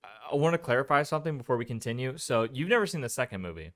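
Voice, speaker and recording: Talking very fast in a mid-range voice, a podcast co-host casually retells a movie's scenes during a movie review chat. His retelling is animated, and he acts out the characters' lines.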